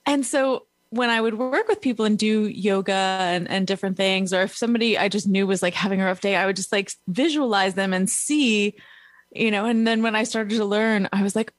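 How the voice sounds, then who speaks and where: A woman's voice: mid-range voice, fairly quick, dry recording. A woman with a New York accent hosting an interview, affirming her guest and laughing often. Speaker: podcast host. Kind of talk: casual interview.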